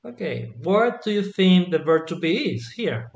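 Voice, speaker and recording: A man's voice: high-pitched, big pitch swings, a little slow, gravelly. A man teaching Latin to a small group, patiently asking questions and checking that they follow. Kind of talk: online group lesson.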